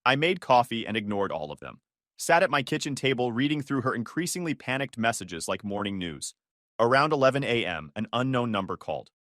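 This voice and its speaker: A man calmly narrating a first-person revenge story in a matter-of-fact way. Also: mid-range voice, no room sound, studio quality.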